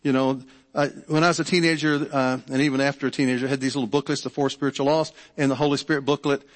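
A man's voice: mid-range voice, little pitch movement, quick pace. A middle-aged man preaching a sermon, talking in a loose conversational way, often repeating words and checking in with the congregation. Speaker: pastor. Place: church sanctuary. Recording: long church hall reverb.

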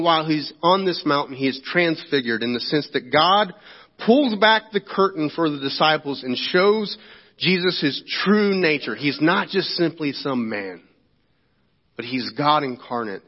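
A man preaching a sermon as pastor, talking in a conversational way and often checking in with the congregation. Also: a little high. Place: church sanctuary. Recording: echoey church hall, dull lo-fi sound.

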